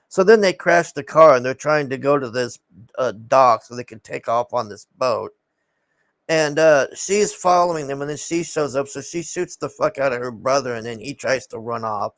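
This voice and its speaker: A man's voice: medium pitch, no echo. A man casually recapping a film in a rambling, exasperated way, swearing often and sighing.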